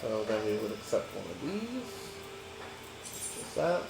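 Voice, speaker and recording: A man's voice: lowish voice, huge pitch swings, creaky, noisy background. A man with a Texan accent, casually commenting and reading dialogue during gameplay. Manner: rambling, reads lines aloud fast. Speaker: gamer reading game dialogue. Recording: echoey room, game music behind.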